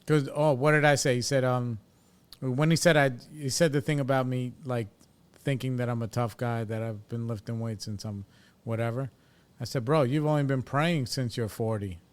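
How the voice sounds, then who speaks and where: A man in his forties, a podcast host in recovery, talks candidly and casually, reflective and blunt, swearing freely as he works through his thoughts. His mid-range voice is smooth, with a flat delivery at a normal speed.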